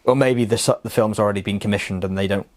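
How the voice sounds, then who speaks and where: A young man co-hosting a podcast in casual chat, getting excited and jumping up in pitch as he talks. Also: fast. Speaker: podcast co-host.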